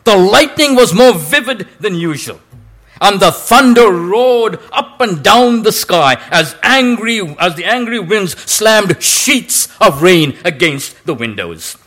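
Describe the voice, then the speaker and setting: A man's voice: high-pitched, big pitch swings, slow, a bit bright. A male preacher telling a story in a sermon, with a dramatic delivery that draws out quoted lines.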